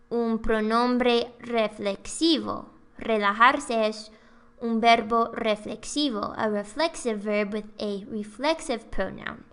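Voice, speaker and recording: A woman tutor giving a language lesson, switching between Spanish and English and repeating example phrases slowly and carefully. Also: fairly high pitch, sharp tone, smooth.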